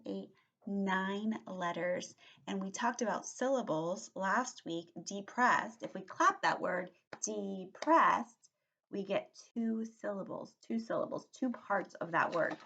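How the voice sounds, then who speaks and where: A woman teacher leads a read-aloud vocabulary lesson for young children, her mid-range voice animated and patient. She keeps checking in with small questioning tags.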